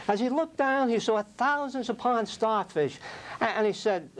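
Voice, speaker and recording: An older man giving a prepared speech at a speaking club, telling stories and reading quotes in a slow, deliberate, reflective way. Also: high-pitched, rough recording.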